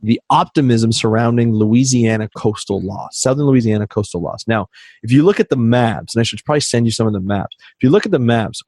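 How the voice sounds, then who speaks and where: Male guest, mid-pitched storyteller, dry close sound. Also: a little fast, dry recording. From Canada. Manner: animated anecdotes, acts out quoted dialogue. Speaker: podcast guest. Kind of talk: storytelling in casual interview.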